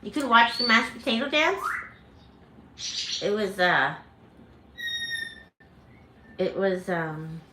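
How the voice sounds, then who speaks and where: A woman with a medium-pitched voice and wide swings in pitch speaks slowly, pausing often. She's hosting a casual livestream about her parrots from a home full of them, chatting with viewers and laughing as she mimics their screams. The echoey room carries loud background noise, with parrots squawking throughout.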